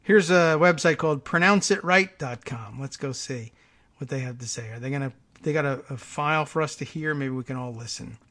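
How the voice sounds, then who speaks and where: A man's voice: mid-range voice, a little fast, a bit bright. A man hosting a morning talk radio show, thinking aloud and reading out online posts in a casual, rambling way.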